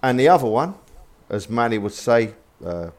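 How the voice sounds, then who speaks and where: A man's voice: mid-range voice, big pitch swings, moderate pace, darkish tone. A man, co-hosting a casual podcast chat, blunt and swearing as he works himself up into angry rants. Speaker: podcast co-host.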